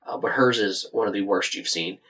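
A soft-spoken man narrates a tabletop game as game master. His voice sits on the low side, and he wanders through the story. The mic catches him from a little way off. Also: brisk, distant mic, poor audio. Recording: voice set back from the mic.

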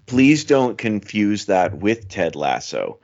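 A man's voice: lowish voice, sing-song, takes it slowly, a little mellow, dull audio. A man with a Canadian accent, a guest on a podcast who chats in a friendly, rambling way. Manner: friendly, rambling, laughs easily. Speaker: podcast guest, film critic. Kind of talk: casual podcast chat.

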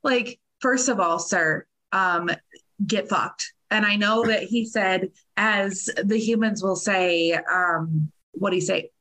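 A woman's voice: medium pitch, slow pace, bright, forceful tone, poor audio. A woman on a podcast panel, talking in a blunt, enthusiastic, casual way and swearing freely. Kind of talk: casual chat.

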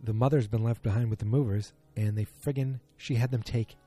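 A man's voice: mid-range voice, steady tone, a little fast, dark tone, faint music behind. A man giving a chatty, opinionated recap of a TV episode, full of fillers and asides.

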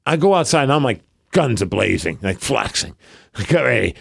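A man's voice: mid-range voice, moderate pace, gravelly, breathy edge. A middle-aged man co-hosting a podcast, telling a story in casual chat and acting out the voices of the people in it. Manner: animated, acts out quoted voices. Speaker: podcast co-host.

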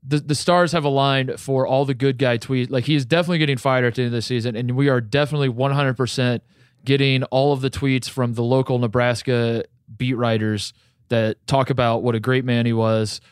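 A man's voice: mid-range voice, fairly even intonation, brisk, smooth, no room sound, clean studio sound. A man co-hosting a sports podcast, telling a story earnestly in casual chat. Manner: earnest, storytelling, some restarts. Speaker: podcast co-host.

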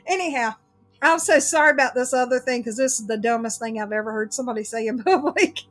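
A woman hosting a casual chat, telling an animated story and laughing through it. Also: on the high side, fast talker.

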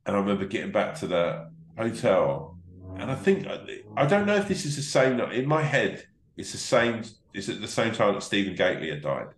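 Low-voiced male comic, rambling sweary anecdotes, roomy echo. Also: very animated, moderate pace, a little hiss or hum. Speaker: comedian guest. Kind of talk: casual podcast storytelling.

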